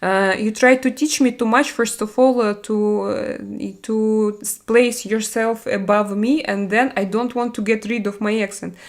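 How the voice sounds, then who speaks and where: A middle-aged woman, a native Russian speaker with a Russian accent, hosts a casual live-stream chat and answers viewers bluntly and chattily. Her speech is halting, full of fillers and restarts, at a medium pitch with fairly even intonation.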